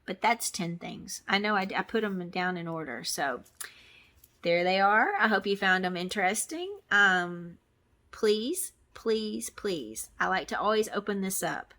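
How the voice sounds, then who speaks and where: A woman's voice: medium pitch, normal speed, pushed and bright. A middle-aged woman from Texas chatting casually to camera in a crafting vlog, rambling with many ums and restarts. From Texas, USA. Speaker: crafting vlogger.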